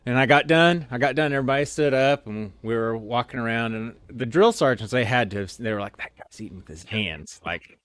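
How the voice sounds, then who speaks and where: A man with a medium-pitched, fairly bright and clean voice speaks fairly quickly. As a storyteller guest, he tells funny anecdotes in a casual, rambling way, full of "like" and "you know."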